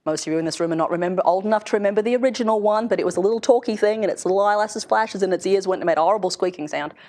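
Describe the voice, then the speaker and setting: A woman's voice: mid-range voice, rapid-fire, a little mellow. A middle-aged woman giving a conversational seminar lecture to a room of listeners, laughing lightly between points. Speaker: seminar speaker, researcher in industry. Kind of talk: lecture to an audience.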